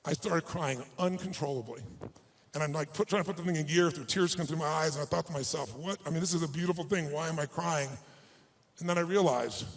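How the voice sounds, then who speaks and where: A man giving a live motivational speech on stage, telling a personal story in an emphatic way that often swings between hushed and raised delivery. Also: fairly high pitch, brisk, creaky, poor audio. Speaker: motivational speaker.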